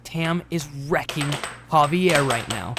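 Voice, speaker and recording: Man, casual play-by-play commentary, slightly high voice, chatty, noisy room. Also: animated, takes it slowly. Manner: chatty, reads chat aloud, laughs easily. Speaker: air hockey livestream commentator.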